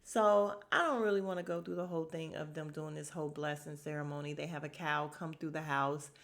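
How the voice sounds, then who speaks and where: A woman's voice: sits low, fairly even intonation, fairly quick, creaky, fairly bright tone. A woman hosting a podcast, chatting casually as she recaps a reality show, acting out what people said and dropping to a whisper for sad moments.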